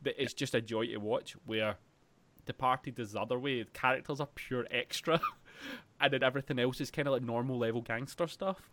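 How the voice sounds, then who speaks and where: Male podcast co-host, mid-pitched, lively and laughing, close dry sound. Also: brisk, no echo. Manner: animated, laughs often, acts out scenes loudly. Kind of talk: casual film chat.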